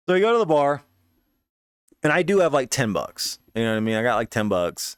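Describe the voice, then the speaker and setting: A man's voice: mid-range voice, big pitch swings, moderate pace, long pauses, clear, resonant tone, no room sound. A young man telling a rambling, profane story in a casual way, full of fillers and asides, recorded close on the mic. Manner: rambling, profane, fillers like "you know what I mean". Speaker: podcast host.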